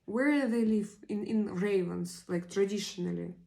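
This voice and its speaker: This woman's mid-range voice is gravelly with a dark tone. Russian-speaking and in her 40s, she hosts a relaxed live stream, reading out comments from viewers and stopping often to search for the right English words.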